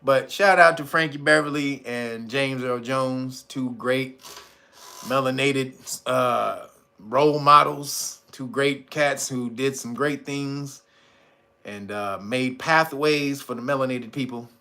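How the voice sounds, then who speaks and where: Man, 40s, channel host, casual monologue, animated, laughing, emphatic, bright voice. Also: medium pitch, takes it slowly, vocal fry.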